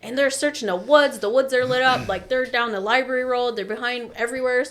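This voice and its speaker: A woman on a podcast telling a story in casual chat, animated and profane, acting out the people she quotes. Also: on the high side, fairly quick. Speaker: podcast guest, daycare teacher.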